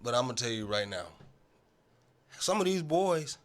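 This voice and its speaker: A man's voice: mid-range voice, very animated, moderate pace. A man hosting a casual sports talk show, arguing emphatically and repeating himself for emphasis.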